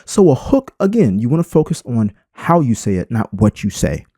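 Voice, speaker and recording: Emphatic man with a lively, swinging voice. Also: mid-range voice, moderate pace, slightly rough, no echo, clean studio sound. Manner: unscripted, emphatic, swings inflection for effect. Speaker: YouTube creator. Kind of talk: screen-recorded tutorial talk.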